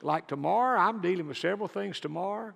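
Man, pastor, sermon, earnest, gravelly, long reverberant hall. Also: high-pitched, quick pace. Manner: earnest, repeats words, shifts between loud emphasis and soft asides.

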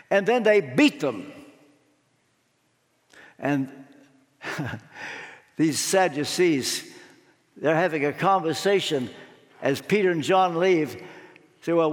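A high-pitched man delivers an unhurried sermon with expressive storytelling and sudden hushed drops. His voice carries a long, echoing hall reverb. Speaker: preacher.

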